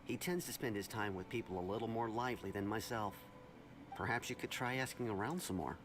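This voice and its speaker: A man playing a calm, reserved city watcher. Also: lowish voice, lightly acted, poor audio. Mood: measured. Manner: measured, thoughtful, politely reserved. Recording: game audio with clear background noise.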